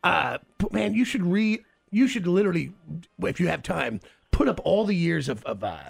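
A man hosting a radio show, chatting with a caller in warm, halting banter. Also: high-pitched, lively intonation, vocal fry, breathy edge. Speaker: radio host. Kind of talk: casual talk radio.

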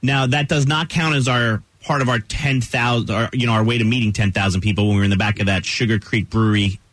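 A man's voice: medium pitch, steady tone, fast, fairly bright tone, dry recording. A man hosting a morning radio show, upbeat and talkative as he leads the conversation. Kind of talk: casual morning radio banter. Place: radio studio.

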